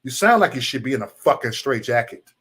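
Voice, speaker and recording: Profane, animated male livestream host. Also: medium pitch, brisk, slightly rough. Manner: profane, animated, mocking chat trolls. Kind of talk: ranting live-stream chat.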